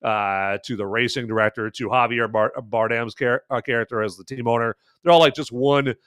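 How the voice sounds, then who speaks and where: A man hosting a podcast and reviewing a film in a loose, chatty way, with plenty of "uh"s and punchy asides. His voice is smooth and resonant, and it sits in a dry, close-miked sound with no room echo. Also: medium pitch, fairly even intonation, a little fast, a bit bright. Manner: chatty, filler-heavy, emphatic asides. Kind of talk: casual spoken film review.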